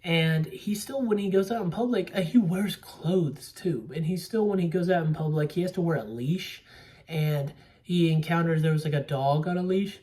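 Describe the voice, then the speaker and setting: A man's voice: fairly high pitch, normal speed, a little mellow. A young man casually recapping a movie plot, rambling with lots of fillers and the odd swear word. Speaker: movie podcaster. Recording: voice a bit distant from mic.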